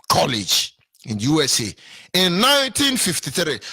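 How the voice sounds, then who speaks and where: Husky older Nigerian man, lively sing-song. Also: a little high, measured pace, dry recording. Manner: repetitive, emphatic, sing-song rises. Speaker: political commentator. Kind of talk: impassioned monologue.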